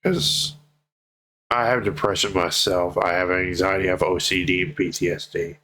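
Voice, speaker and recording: A man speaking in an emotional personal vlog, tearful and heartfelt, swearing freely and pleading slowly with his viewers. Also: deep voice, flat delivery, bright, forceful tone, rough recording. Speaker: vlogger.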